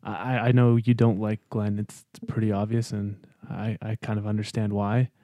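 A man's voice: fairly low pitch, little pitch movement, moderate pace, dry recording, lo-fi sound, lightly acted. A man playing an earnest, stammering lizard man. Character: nervous, earnest male lizard-man test subject. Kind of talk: tabletop role-play banter.

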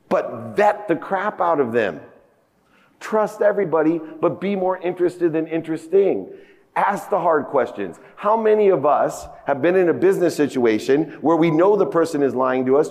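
Delivering a motivational keynote in a big conference hall with long reverb, this man has a slightly high, slightly mellow voice. His storytelling is emphatic, with dialogue acted out and outbursts that keep rising.

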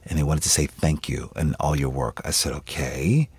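A very deep, husky male voice, recorded close and dry on a studio mic. He tells stories in a radio interview with lively energy and acts out the people he quotes. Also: moderate pace, no echo. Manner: animated storyteller acting out quoted voices. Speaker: actor guest.

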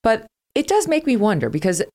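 A woman in her fifties hosting an interview, chatty and quick, mixing questions with personal anecdotes. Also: on the high side, very animated, dark tone. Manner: chatty, quick, laughs often, tells family anecdotes. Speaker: podcast host. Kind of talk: conversational interview.

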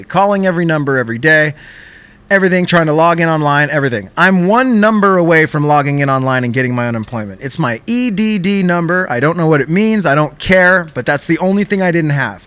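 A young man co-hosting a podcast, telling a rambling, profane, animated story in casual chat. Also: on the high side, no echo. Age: young adult. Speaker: podcast co-host.

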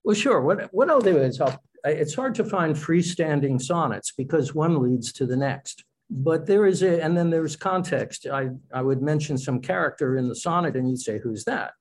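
A man's voice: a little high, expressive, normal speed. Chatty, self-deprecating male poet. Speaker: author and poet. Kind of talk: radio interview conversation.

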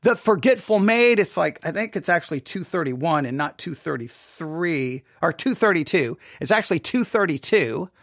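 A man leading an informal Bible study lesson, animated and questioning, acting out imagined objections. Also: on the high side, normal speed, hardly any pauses, no echo, studio quality.

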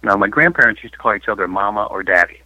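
A man's voice: lowish voice, expressive, quick pace, pushed and bright, slightly rough, no echo. A middle-aged man telling emotional stories as an interview guest, rambling with lots of fillers. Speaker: paranormal investigator guest. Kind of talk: phone interview storytelling. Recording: dull lo-fi phone line.

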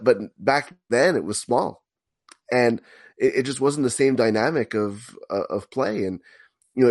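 Measured man analyzing hockey. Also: mid-range voice, a little mellow, no room sound. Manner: measured, analytical, often repeats words. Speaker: podcast guest, hockey blogger. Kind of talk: casual sports podcast chat.

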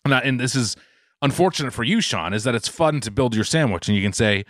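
A man's voice: medium pitch, expressive, fast talker, a bit bright, no room sound, clean studio sound. A man in a casual comedic podcast chat who argues his points and disagrees readily.

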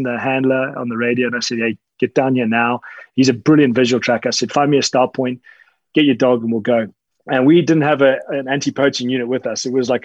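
A man's voice: mid-range voice, no room sound. Casual interview guest, a man, rambling, dry and slightly dull sound. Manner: relaxed, rambling, frequent fillers and restarts. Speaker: interview guest, dog handler and tracker.

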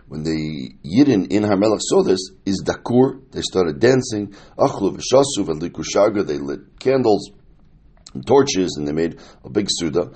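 A man's voice: low-pitched, warm tone, breathy edge. A man teaching a Talmud lesson, reading the Aramaic and translating it line by line in a casual, explanatory way. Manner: casual, explanatory, with many fillers and Yiddish-Hebrew terms.

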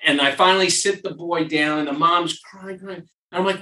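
A man from New York hosts a casual podcast as a surgeon and tells stories with lively repetition. His voice is bright and forward. He sounds a little off the mic, in a roomy, echoey space. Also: on the high side, normal speed, far from the mic. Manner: animated storyteller who repeats phrases for emphasis. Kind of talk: casual podcast chat and storytelling.

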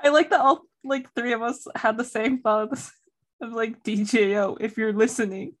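High-pitched woman laughing, swearing casually, chatting with friends. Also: fairly even intonation, normal speed. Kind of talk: casual chat.

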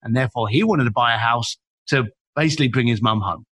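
A man, a podcast guest telling animated stories and acting out the people he quotes. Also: mid-range voice, fast talker, breathy edge. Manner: acts out quoted people, emphatic, repeats words. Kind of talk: animated storytelling.

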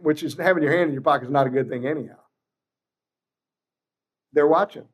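Older male trial lawyer guest, sixties, animated and blunt, slightly higher voice. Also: fairly quick, pauses often. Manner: animated, blunt, salty, acts out courtroom quotes. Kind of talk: casual interview storytelling.

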